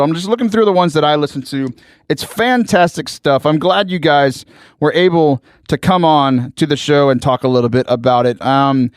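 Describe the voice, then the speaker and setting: A man's voice: a little high, dry recording, studio quality. A man hosting a casual podcast interview, friendly and joking with his guests. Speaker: podcast host.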